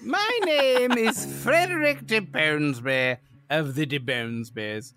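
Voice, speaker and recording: A man voicing a pompous, long-winded male goblin aristocrat in a tabletop game role-play, rambling on without pause. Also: on the high side, animated, over music. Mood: haughty. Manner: haughty, rambling, talks over others. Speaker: player.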